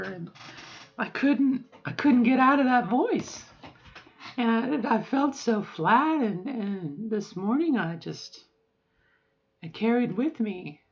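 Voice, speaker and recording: A woman's voice: medium pitch, husky, dull audio. A middle-aged woman talking frankly and emotionally in a rambling personal video diary, swearing now and then. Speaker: vlogger.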